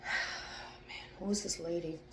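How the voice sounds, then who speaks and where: A young woman who gives an intuitive psychic reading, thinking aloud, hesitating and pausing to focus. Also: lowish voice, fairly even intonation, noisy background. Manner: hesitant, restarts, pauses to focus. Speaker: psychic channeler.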